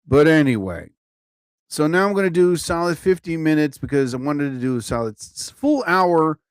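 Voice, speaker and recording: In a rambling, casual livestream from his home, with the TV on overhead, a comedian chats, interrupts himself, swears mildly and laughs at his own asides, yawning now and then from mild tiredness. His animated voice is a little higher than most men's and moves at a moderate pace. Through a phone or computer mic, the tone comes across clean, close and dry, with no room sound.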